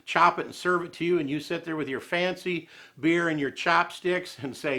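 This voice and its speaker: A man's voice: fairly high pitch, normal speed, bright, forceful tone. A man hosting a home cooking show, chatty and joking in a down-home way. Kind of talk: folksy cooking demonstration.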